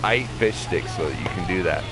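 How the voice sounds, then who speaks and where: Man, lowish voice, heated profane rants over live gameplay; camper setting, noisy stream audio. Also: lively intonation, fairly quick. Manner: profane, impassioned ranting. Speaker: livestreaming gamer. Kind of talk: ranting live gaming commentary. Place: inside a camper. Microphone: desk mic.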